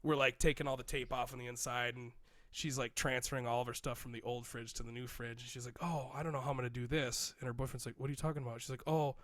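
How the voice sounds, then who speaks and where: A man's voice: mid-range voice, quick pace, no echo, clean studio sound. A man in his thirties casually telling a rambling story on a podcast, acting out the people he quotes. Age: 30s. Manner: rambling, animated, acts out quotes. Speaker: podcast co-host.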